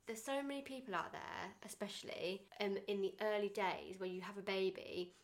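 A young woman hosting a casual chat, talking in a chatty, animated way and acting out quotes. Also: mid-range voice, quick pace, few pauses. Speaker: podcast host.

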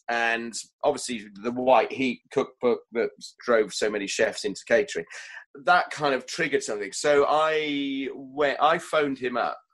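A man, a chef telling stories from his career in a relaxed interview, self-deprecating and often laughing at himself. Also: mid-range voice, rough recording. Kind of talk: relaxed storytelling in conversation.

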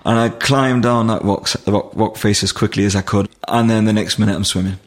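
A man's voice: on the low side, fairly even intonation, brisk. A middle-aged man, telling a vivid story as an interview guest, with restarts and plain dialect grammar. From Nottingham, England. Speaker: guest, firefighter.

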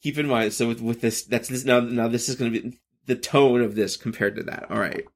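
A man in his thirties hosting a podcast, talking in a rambling casual monologue, halting and restarting often, swinging between high energy and subdued. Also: steady tone. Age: 30s. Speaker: podcast host.

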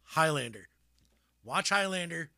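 Casting note: man, podcast co-host, bright, fairly high voice, rambly and laughing, dry close sound. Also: expressive, a little slow, vocal fry, dry recording. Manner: rambling, laughs often, many fillers and restarts. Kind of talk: casual chat.

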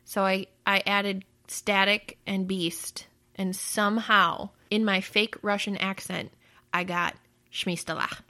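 A woman hosts a relaxed family chat, playful and upbeat. She laughs easily and keeps the questions coming. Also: medium pitch, slow, few pauses. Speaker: host asking a child questions.

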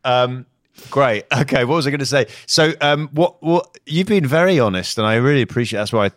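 A man's voice: mid-range voice, brisk, fairly bright tone, dry recording, clean studio sound. Teasing man hosting a podcast. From United Kingdom. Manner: playful, teasing, chatty. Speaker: podcast host. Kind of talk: casual comedic chat.

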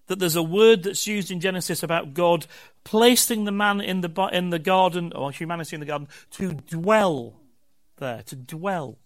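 A man's voice: high-pitched, fairly quick. An older man, a pastor giving a candid, conversational sermon to his congregation and building points in emphatic lists. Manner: candid, warm-hearted, talks with emphatic rhythm and lists.

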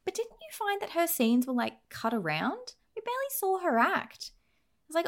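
A woman co-hosting a film review podcast, ranting in an animated, exasperated way. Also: extremely high pitch, moderate pace. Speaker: podcast co-host. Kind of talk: casual film review chat.

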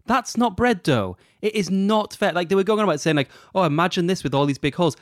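A man co-hosting a podcast, chatting casually and opinionatedly, quick to laugh. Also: high voice, dry recording, clean studio sound. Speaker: podcast co-host. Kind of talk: casual chat.

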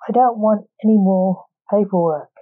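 A woman's voice: mid-range voice, normal speed, narrow, tinny audio, lightly acted. Woman reading an exasperated male doctor. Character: frustrated male hospital doctor.

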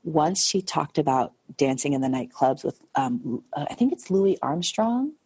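A woman with a low, husky voice chats as a guest in an interview. She tells stories with lots of energy, laughs often and swears without a second thought. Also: big pitch swings, normal speed, a little mellow. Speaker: guest, pilates studio owner. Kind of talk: casual interview chat.

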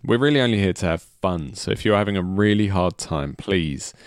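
Lively, jokey man hosting. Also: deep voice, fairly quick, clean tone, no room sound, clean studio sound. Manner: jokey, laughs often, lively delivery. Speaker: podcast host. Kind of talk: casual comedy podcast chat. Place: small studio.

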